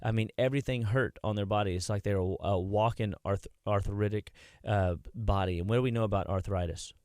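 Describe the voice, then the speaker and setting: A man's voice: lowish voice, a little fast, a little mellow, dry recording, studio quality. A man working at a health clinic, a guest on a radio show, telling rambling anecdotes with many restarts in a casual chat. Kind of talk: casual radio interview storytelling. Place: radio studio.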